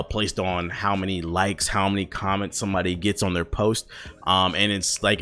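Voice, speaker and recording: A grown man ranting loudly and profanely, scolding his audience with emphatic repetition. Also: on the low side. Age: adult. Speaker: vlogger. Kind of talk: profane comedic rant.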